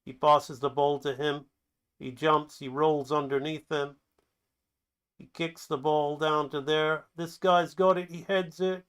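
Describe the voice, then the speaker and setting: An animation instructor narrates his own animatic play by play, speaking a little slowly in a fairly high, clear and resonant voice. His commentary is lively and excited, acting out the scenes, and loose and chatty with fillers and restarts.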